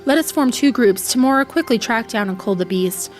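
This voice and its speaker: A woman's voice: a little high, expressive, normal speed, lightly acted. Solemn fantasy commander, formal and grave; a woman reads the part, faint music underneath. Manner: formal, grave read-aloud delivery.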